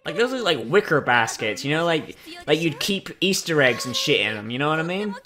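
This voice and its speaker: A woman's voice: low voice, big pitch swings, fairly quick, a bit bright. A young woman in casual reaction commentary, sarcastic, crude and profane, talking over a cartoon. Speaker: video host reacting to a cartoon.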